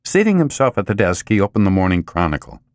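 A man narrates a novel with expressive, dramatic storytelling. His low voice rises and falls in a lively way. The recording is close and dry. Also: fast talker, no echo. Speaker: audiobook narrator. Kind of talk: scripted narration.

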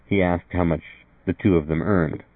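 A man narrating a novel aloud in a measured reading style, voicing the characters. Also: low voice, fairly even intonation, no room sound, narrow, tinny audio. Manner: measured, plain reading with voiced dialogue. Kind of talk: audiobook reading.

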